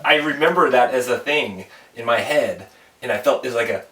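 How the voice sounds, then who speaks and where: A man's voice: mid-range voice, fairly quick, a bit bright, echoey room, distant mic. A man hosting a casual podcast chat, rambling through stories and laughing often. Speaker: podcast host.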